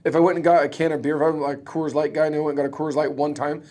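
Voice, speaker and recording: A man's voice: a little high, flat delivery, racing, a little mellow. A man talking bluntly and emphatically in a casual podcast conversation, swearing freely as a guest. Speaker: guest, roofing business owner and coach.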